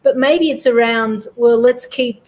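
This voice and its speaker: A woman giving relaxed cricket analysis on a talk show. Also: fairly high pitch. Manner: easygoing, measured, with fillers. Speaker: cricket pundit.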